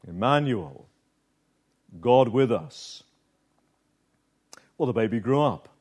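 A man preaching a sermon with a slow, dramatic delivery, pausing often and dropping low and soft for emphasis. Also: big pitch swings, slightly rough.

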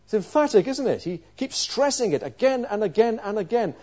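Emphatic preacher with a mellow voice. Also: male voice, high-pitched, expressive, brisk, hardly any pauses, dull audio. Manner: emphatic, rhetorical questions, swings from quiet to loud. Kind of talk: sermon.

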